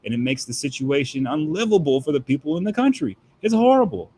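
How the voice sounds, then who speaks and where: A man's voice: on the high side, very animated, quick pace, warm tone, a little hiss or hum. A man talking as a guest commentator in heated political commentary, emphatic and firing off rhetorical questions.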